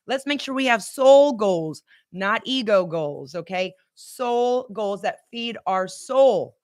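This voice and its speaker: A woman hosting a podcast as a motivational coach, talking in an energetic, emphatic way and repeating key phrases back to her listeners. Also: on the high side, no room sound, studio quality. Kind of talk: upbeat motivational coaching talk.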